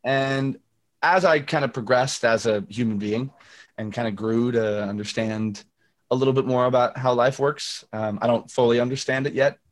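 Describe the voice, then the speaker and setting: In a casual video call interview, a young singer-songwriter with a medium-pitched voice chats at a moderate pace, spinning stories with many fillers and acted-out quotes.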